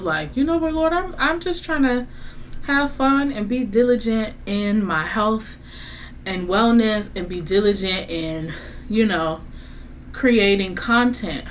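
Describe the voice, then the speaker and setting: A woman in her thirties venting in a candid casual chat, swinging between low subdued lines and high exasperated bursts, laughing through her frustration. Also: animated, measured pace, a little hiss or hum. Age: 30s. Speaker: vlogger.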